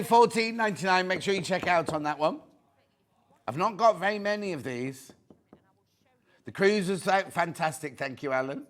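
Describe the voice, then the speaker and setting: A man's voice: on the high side, fairly bright tone. British guy presenting live shopping tv, chatty, kinda breathless, voice swings all over. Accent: British English. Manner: chatty, camp asides, reads viewer comments aloud. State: a bit out of breath. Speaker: shopping channel host.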